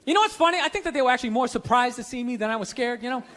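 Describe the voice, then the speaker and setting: A man's voice: very high-pitched, lively intonation, rapid-fire. A man performing a stand-up routine, rambling and self-mocking with lots of "you know.". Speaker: stand-up comedian. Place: comedy stage. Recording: live club with loud crowd noise.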